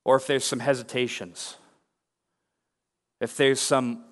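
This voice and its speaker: A man's voice: mid-range voice, flat delivery, takes it slowly, pauses often, a bit bright. A young man delivers a sermon from the pulpit, earnest and openly confessional in tone. His mid-range voice rings out with a long hall reverb, as if in a large church sanctuary. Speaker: pastor.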